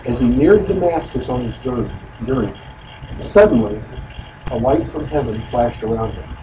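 A man leads a relaxed Bible study, explaining the text in a folksy, chatty way full of asides. He sounds distant from the mic, in an echoey room with steady noise behind him. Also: mid-range voice, normal speed. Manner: explanatory, folksy, frequent "you know" asides. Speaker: Bible teacher. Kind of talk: conversational Bible study teaching.

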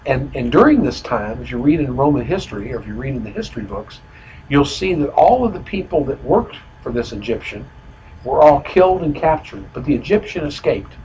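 A man leads a Bible study in a relaxed, conversational manner, stopping often to explain a point. He corrects himself mid-sentence and leans on fillers as he goes. His voice sits at a middle pitch, with a faint hiss of noise behind it. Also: poor audio. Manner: self-correcting with frequent fillers.

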